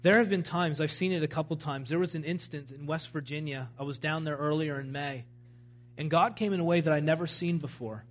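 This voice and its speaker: Male preacher at a church service, fervent and emphatic, with a fairly high voice. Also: a little fast. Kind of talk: sermon.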